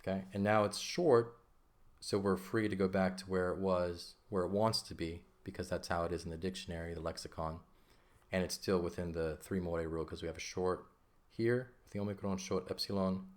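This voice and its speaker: A man teaching an ancient Greek lesson in a patient, casual way, often checking in with "okay?". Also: sits low. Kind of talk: casual lesson explaining grammar.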